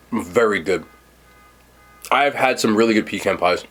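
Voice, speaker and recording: A man's voice: fairly low pitch, normal speed, a bit bright, faint music behind. A man hosting a casual mukbang food review, chatting to viewers while he eats. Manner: chatty, talks while eating. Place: seated indoors at home.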